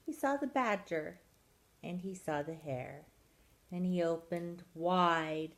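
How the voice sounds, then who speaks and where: A woman reads a picture book aloud for children, unhurried and expressive. Her voice sits on the low side, and she stretches gentle words out slowly. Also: poor audio. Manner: expressive, drawing out soft words. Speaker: storytime reader.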